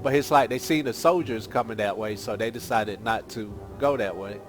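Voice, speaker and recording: A man's voice: fairly low pitch, moderate pace. A man giving casual, rambling gameplay commentary as a gaming channel host, thinking aloud as he plays. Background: game music.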